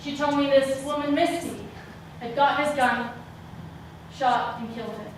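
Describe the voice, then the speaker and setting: A young woman performing a solo stage monologue, dramatic, moving between hushed and shouted lines, recorded live from a distant mic on a theater stage. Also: sits high, unhurried, slight background noise. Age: young adult. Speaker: student performer. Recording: echoey hall sound from a distant mic.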